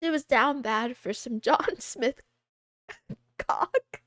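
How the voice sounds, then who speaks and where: A woman in her twenties chatting on a livestream, rambling from thought to thought and poking fun at herself between giggles. Her voice sits high. The sound is close and dry, with no room around it. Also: animated, slow, fairly bright tone, no room sound. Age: 20s. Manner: rambling, giggly, self-deprecating. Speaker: streamer. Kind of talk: casual livestream chat.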